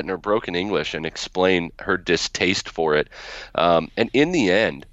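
Podcast guest, man with a very deep voice, rambling storyteller, dry and dull-sounding lo-fi recording. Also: lively intonation, normal speed, fairly bright tone, no room sound. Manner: storytelling, frequent restarts. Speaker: guest author. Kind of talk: podcast interview.

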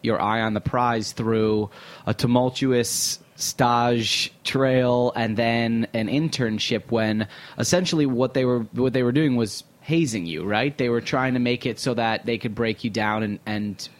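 A man's voice: medium pitch, fairly even intonation, unhurried. A man hosting a podcast, asking thoughtful, curious questions in a conversational interview. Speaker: podcast host.

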